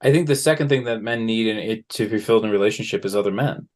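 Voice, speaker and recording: A man as an interview guest, relaxed and storytelling, often acting out the people he quotes. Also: on the low side, quick pace. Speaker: guest, men's work facilitator. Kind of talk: conversational interview.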